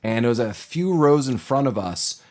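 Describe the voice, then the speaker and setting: A man's voice: mid-range voice, expressive, moderate pace, a little mellow. A man co-hosting a podcast, chatting casually and rambling through a movie recap, with fillers and voices for the people he quotes. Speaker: podcast co-host.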